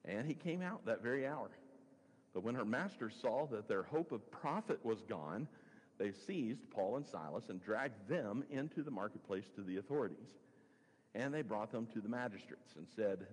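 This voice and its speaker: Husky-voiced man preaching in a reverberant hall. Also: on the low side, lively intonation, moderate pace, a little mellow. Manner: conversational, musing aloud, chuckling asides. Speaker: pastor. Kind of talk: sermon with scripture reading.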